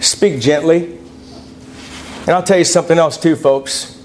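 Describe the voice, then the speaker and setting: A man's voice: steady tone, a little slow, a little mellow, a little hiss or hum. A middle-aged man preaching a folksy sermon, reading scripture aloud and telling personal stories. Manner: folksy, reads scripture aloud, pitch swings widely between points.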